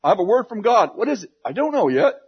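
A male preacher tells a story from the pulpit with a self-deprecating, humorous streak, stumbling over his words and restarting often. His voice sits a little high and has a husky edge. The recording sounds dull and lo-fi. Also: sing-song, fast talker. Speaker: pastor. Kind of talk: sermon storytelling.

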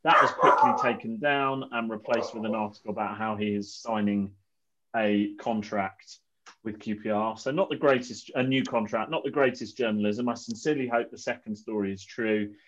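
A man hosting a casual football podcast, upbeat and gently teasing his co-hosts. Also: fairly low pitch, steady tone, normal speed, muffled recording. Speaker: podcast host.

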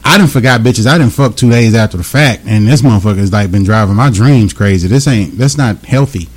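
A man's voice: fairly low pitch, fairly quick, slightly rough. A man, telling rambling, profane stories in casual chat as host. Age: 20s.

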